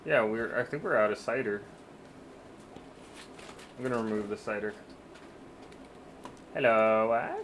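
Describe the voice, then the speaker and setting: A man's voice: lowish voice, unhurried, pauses often, a bit bright, a little hiss or hum. A man streaming a game in casual chat, laid-back, swearing offhandedly and laughing easily.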